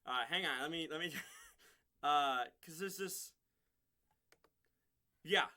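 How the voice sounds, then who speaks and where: A man with a high, very bright, cutting voice talks through a TV episode in a loose, casual review. He rambles and chuckles often as he recaps. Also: takes it slowly.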